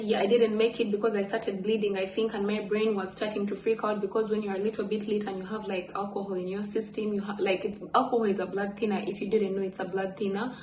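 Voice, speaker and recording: A woman's voice: medium pitch, roomy sound, slight background noise, poor audio. A woman telling a candid storytime on her vlog at home, chatty and swearing, jumping between asides. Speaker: vlogger. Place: home apartment.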